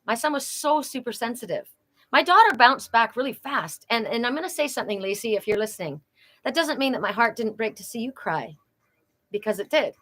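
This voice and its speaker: A woman's voice: on the high side, animated, brisk, fairly bright tone. A middle-aged woman doing a live oracle card reading, talking earnestly and repeating phrases for emphasis.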